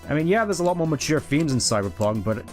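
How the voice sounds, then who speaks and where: A man's voice: fairly high pitch, sing-song, fast, faint music behind. A man streaming a video game, commenting in a casual, wry and joking way.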